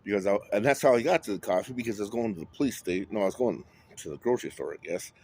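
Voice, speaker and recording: A man's voice: lowish voice, lively intonation, very fast, darkish tone, a little hiss or hum. A man talking in a rambling monologue, drifting between topics and swearing often. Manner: rambling, wandering, with frequent swearing.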